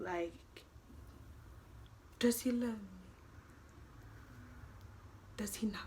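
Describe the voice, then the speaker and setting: A woman vlogger dramatically retelling a story to her viewers in a casual storytime vlog. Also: mid-range voice. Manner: animated, dramatic retelling, talks to viewers as y'all.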